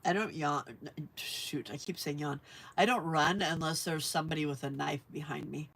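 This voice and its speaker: A chatty woman hosting a relaxed crafting livestream. She rambles in a friendly, casual way, often laughs, and answers viewers as she works. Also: deep voice, normal speed, vocal fry, a little hiss or hum. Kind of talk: casual chat while crafting.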